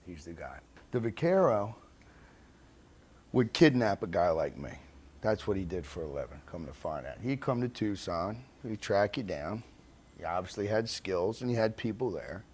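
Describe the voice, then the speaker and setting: Low-voiced man telling a profane tale. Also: big pitch swings, normal speed, a little mellow, slightly rough. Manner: blunt, swears constantly, acts out other people's lines. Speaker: interviewee recounting his past. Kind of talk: profane storytelling anecdote.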